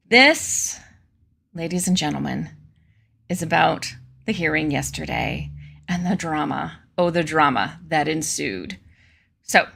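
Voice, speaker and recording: A woman's voice: sits low, creaky, a bit bright. A woman hosting a casual political commentary stream, reading news aloud with sarcastic, chatty asides to her viewers.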